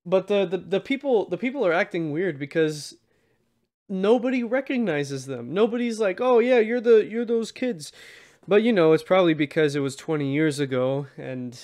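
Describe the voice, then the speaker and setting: A man's voice: on the high side, lively intonation, normal speed, darkish tone. A man co-hosting a film podcast, casually retelling scenes and laughing easily. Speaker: podcast co-host. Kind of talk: casual film review chat.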